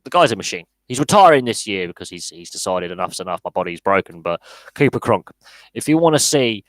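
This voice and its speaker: A man's voice: on the low side, fairly bright tone, no echo, low-quality recording. A man hosting a live sports podcast, speaking bluntly and often repeating words as he restarts his sentences. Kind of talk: live podcast Q&A, casual opinionated chat.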